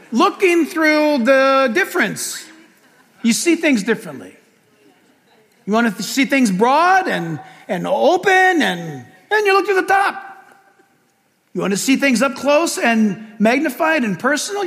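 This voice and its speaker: Older man, pastor, very high voice, lively swooping delivery, long church reverb. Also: unhurried. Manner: animated storytelling with humor. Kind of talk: sermon.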